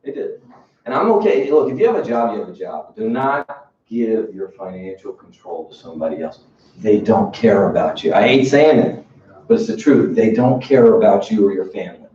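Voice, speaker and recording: A man leading a sales team training, telling a story with lively energy, acting out his bosses and swearing casually now and then. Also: on the low side, normal speed. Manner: animated storyteller acting out bosses, laughing, street-talk swearing. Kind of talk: motivational training talk. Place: training room with audience. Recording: roomy, distant, muffled room recording with background noise.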